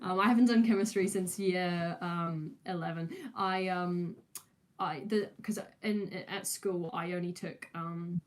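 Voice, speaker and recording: A woman's voice: fairly low pitch, steady tone, measured pace. A young woman, chatting casually on a livestream and answering viewers with many fillers, restarts and giggles. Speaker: streamer.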